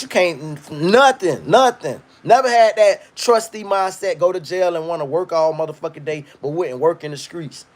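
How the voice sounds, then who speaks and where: A man hosting a livestream, ranting in a loud, profane, rambling way and reading viewer comments. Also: high voice. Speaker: livestream host. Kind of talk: casual livestream rant.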